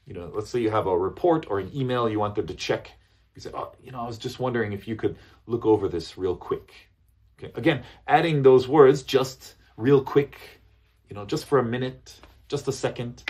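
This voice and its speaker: Man, english teacher, husky voice, lively lesson, keeps asking okay and right. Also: mid-range voice. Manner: animated, repeats phrases with checking "okay?" and "right?".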